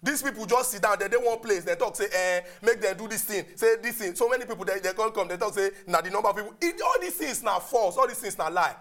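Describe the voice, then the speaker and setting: A man's voice: high-pitched, lively intonation, fast, few pauses, pushed and bright. A Nigerian man hosting a heated talk show debate in Pidgin, insisting on his turn to speak. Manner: insistent, keeps cutting in to hold the floor. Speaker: TV show host.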